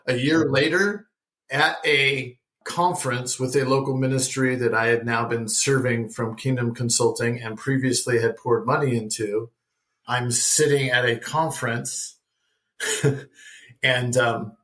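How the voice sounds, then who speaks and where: A middle-aged man telling a personal faith story as a podcast guest, lively and acting out the dialogue he recounts. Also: medium pitch, a little slow. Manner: animated storyteller who acts out dialogue.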